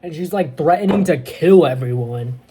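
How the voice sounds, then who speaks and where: A man with a fairly high voice retells a film's plot as a casual reviewer. He is excitable and rambles, full of fillers and restarts. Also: moderate pace, slight background noise. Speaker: movie reviewer.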